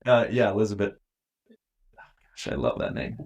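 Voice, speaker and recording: A man's voice: lowish voice, sing-song, normal speed, gravelly, darkish tone. A man co-hosting a podcast in casual, joking, rambling chat. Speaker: podcast co-host.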